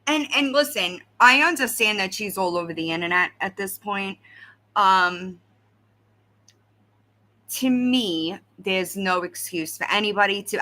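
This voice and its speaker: A woman hosting a casual livestream, talking straight to her viewers in an animated, conversational way and often checking in with "right?". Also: mid-range voice. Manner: animated, talks to chat, frequent "right?". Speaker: livestream host.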